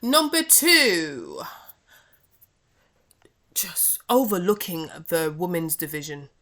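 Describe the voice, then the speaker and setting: A woman hosting a wrestling review podcast, talking in an exasperated, animated, chatty way. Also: fairly low pitch, slow. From Britain. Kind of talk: casual review rant.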